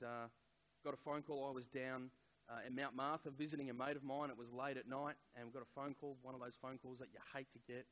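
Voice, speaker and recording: Halting man preaching. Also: medium pitch, rough recording. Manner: conversational, halting with many fillers. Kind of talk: sermon with personal story.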